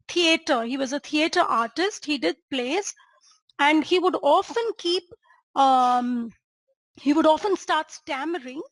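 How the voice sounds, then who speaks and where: A high-pitched woman teaches a case as a doctor, keeping her listeners engaged with check-ins and rhetorical questions. The sound is dry and close, with no room echo. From India. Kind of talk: lecture presenting a clinical case.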